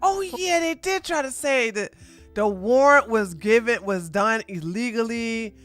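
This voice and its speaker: A woman's voice: fairly high pitch, unhurried, soft background music. A woman co-hosting a casual live-stream chat, blunt and dismissive in her remarks. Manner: blunt, flat dismissals, laughs along. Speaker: co-host.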